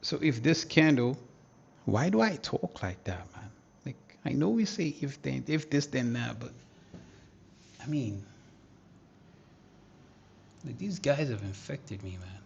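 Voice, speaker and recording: A livestream host walks through market charts, a man with a deeply gravelly, husky voice. He drawls slowly and mutters slang to himself as he thinks aloud. The audio is somewhat dull and lo-fi. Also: big pitch swings. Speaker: trading educator, livestream host. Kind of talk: casual live market analysis.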